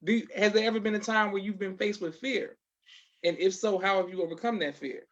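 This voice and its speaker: A man hosting a podcast, asking questions in a relaxed, conversational way and affirming his guest. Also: high voice, fairly quick, muffled recording. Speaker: podcast host. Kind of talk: casual interview questions.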